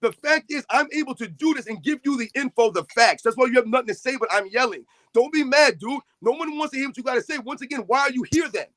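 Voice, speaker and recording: Very high-pitched yelling sports host. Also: male voice, lively intonation, fast, hardly any pauses, dry recording, low-quality recording. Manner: yelling, confrontational, calls out critics. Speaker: sports talk stream host. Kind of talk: heated live-stream rant.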